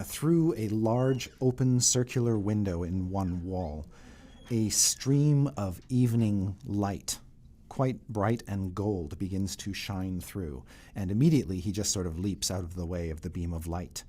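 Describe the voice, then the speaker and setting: A man narrating a tabletop game as dungeon master, describing scenes unhurriedly with frequent pauses. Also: low-pitched, dark tone.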